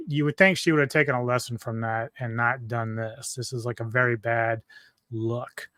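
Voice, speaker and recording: A man's voice: medium pitch, fairly even intonation, moderate pace, sharp tone, no room sound. Profane ranting man, dry close sound. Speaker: commentary YouTuber. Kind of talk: reaction video rant.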